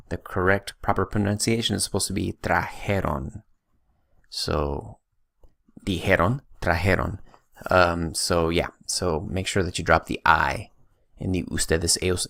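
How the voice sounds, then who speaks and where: Deep gravelly male Spanish teacher. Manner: patient, drills conjugations slowly with emphasis. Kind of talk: recorded grammar lesson.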